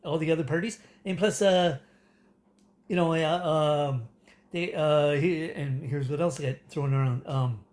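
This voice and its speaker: This man from Canada, a political commentator, speaks at a measured pace in a slightly high, somewhat mellow voice. Ranting casually to camera, he wanders, stumbles through fillers and restarts, and laughs now and then.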